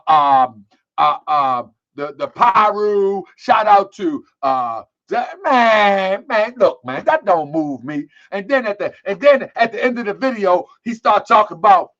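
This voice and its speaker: A man's voice: high voice, fairly bright tone. A man hosting an online commentary show, talking in a heated, repetitive way with streetwise slang. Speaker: host. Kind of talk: casual commentary. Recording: dull lo-fi sound.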